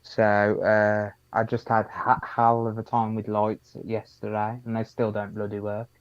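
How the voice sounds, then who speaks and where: Flat-voiced man on a call. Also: lowish voice, measured pace, no echo. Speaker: guest collector. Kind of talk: casual chat. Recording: dull dry video-call audio.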